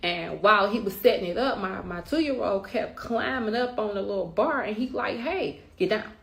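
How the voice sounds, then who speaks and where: A woman's voice: medium pitch, normal speed, vocal fry. A middle-aged woman speaking bluntly and with emphasis, often swearing, as a mother telling her side in a storytime rant. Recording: roomy echo.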